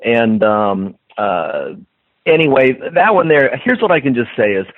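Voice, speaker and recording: Man, middle-aged, lively storyteller, voices quoted people, dry close sound, thin phone-line audio. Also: mid-range voice, unhurried, no echo. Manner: animated storyteller, acts out quoted dialogue, frequent restarts. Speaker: podcast guest, detailing trainer. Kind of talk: storytelling interview chat.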